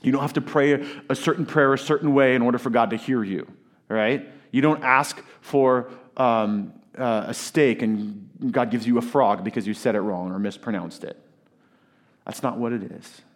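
A middle-aged man preaching a sermon, emphatic, with dramatic pauses and swings from loud to hushed. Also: mid-range voice. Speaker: pastor.

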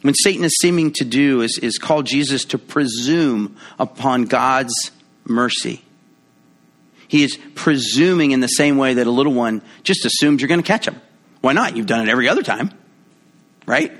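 A man preaching a sermon in a conversational, playful way, acting out quoted voices with big jumps in pitch. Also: moderate pace, a bit bright. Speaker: pastor.

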